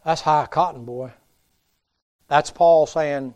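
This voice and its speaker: A middle-aged man preaching a revival sermon, folksy and storytelling, swinging from loud to hushed. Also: on the high side, steady tone, brisk. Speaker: pastor.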